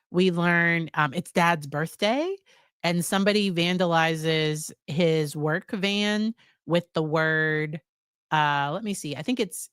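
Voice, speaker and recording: A woman's voice: low-pitched, no room sound, clean studio sound. An American woman psychologist casually recapping a series, chatty, with fillers and quoted lines. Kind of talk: casual spoken review.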